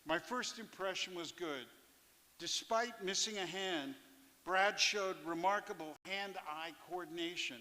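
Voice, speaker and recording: A man's voice: high voice, a little slow, pushed and bright, a little hiss or hum. A man reading his own fishing memoir aloud on a theatre stage, telling it plainly with dry asides. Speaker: fisherpoet performer. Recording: live theatre with long reverb.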